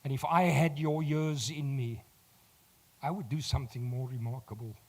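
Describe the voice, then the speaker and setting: A South African man with a croaky voice giving a motivational talk to a live audience. He speaks directly to the crowd, teases them, and swells loud when he makes a point. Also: mid-range voice, fairly even intonation, normal speed.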